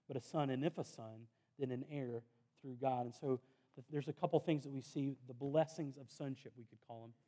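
A pastor in his thirties preaches a sermon in a voice a little high for a man but warm and mellow. He addresses the congregation earnestly and conversationally, slipping in self-deprecating asides.

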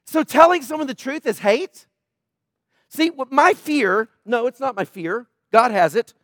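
High-voiced urgent male preacher. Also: expressive, a little slow, fairly bright tone, dry recording, clean studio sound. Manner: urgent, emphatic preaching with repetition. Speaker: pastor. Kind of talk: sermon. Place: church.

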